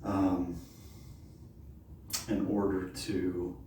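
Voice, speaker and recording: A man with a low, mellow voice, out of breath and thinking aloud with plenty of fillers between sets of a home workout. He sounds distant from the camera, and the bare room around him rings with heavy echo. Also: level tone, drawn-out words, slight background noise. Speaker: vlogger doing a home workout. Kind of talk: casual workout talk to camera. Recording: very echoey room, mic far off.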